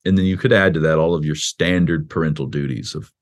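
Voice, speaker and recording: A man with a deep, low voice speaks as a pastor in an interview. He talks in a loose, conversational way, full of restarts and "you know." When he quotes someone, he lifts his voice into an animated little performance. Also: fast. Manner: animated, acts out quoted speech with a raised voice. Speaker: pastor and author, interview guest. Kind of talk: explaining in a podcast interview.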